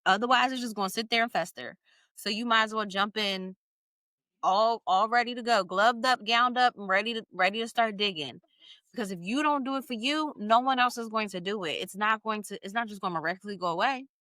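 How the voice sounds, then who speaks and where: A woman in her thirties hosting a podcast, talking in an emphatic, encouraging and animated way in a casual heartfelt conversation. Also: mid-range voice, fairly quick, no echo. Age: 30s. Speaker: podcast host.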